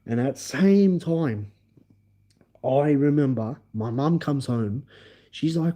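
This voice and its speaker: A man hosting a livestream, telling a story in an animated, emphatic way and acting out the scenes. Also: medium pitch, slow pace, pauses often. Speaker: livestream host. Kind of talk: casual storytelling.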